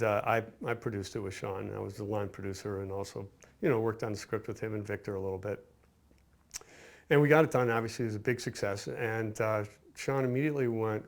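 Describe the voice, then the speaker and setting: Gravelly older male filmmaker reminiscing. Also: lowish voice. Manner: rambling, with many restarts and fillers. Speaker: film director and producer. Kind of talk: casual interview recollection.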